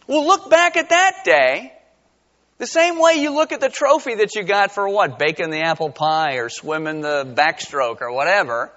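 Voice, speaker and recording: Lively middle-aged male pastor preaching. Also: very high voice, in a large hall, highs cut off. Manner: animated, conversational preaching with rising emphatic peaks. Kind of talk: sermon.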